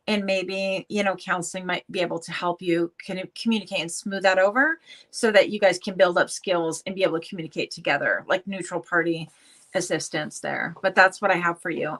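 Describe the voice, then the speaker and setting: A woman guest reader gives a tarot reading in a reassuring tone. She sometimes pauses to search for the right word. Her pitch sits in the middle range for a woman. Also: a bit bright.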